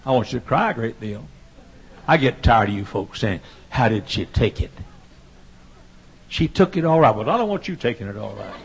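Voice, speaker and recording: A man's voice: medium pitch, lively intonation, a little fast, creaky, a little hiss or hum. A male pastor preaching a fervent revival sermon, folksy and humorous, building to impassioned pleading.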